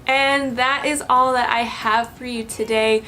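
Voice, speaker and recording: A young woman teaching business English, explaining clearly and reading example emails aloud with patient care. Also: on the high side, steady tone, a little slow, pushed and bright. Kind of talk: online lesson explanation.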